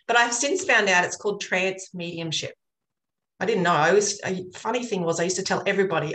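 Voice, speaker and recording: A woman's voice: fairly low pitch, fairly quick, fairly bright tone. A woman talking earnestly about her work as an energy healer, a chatty and rambling storyteller. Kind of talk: casual interview chat. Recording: roomy echo.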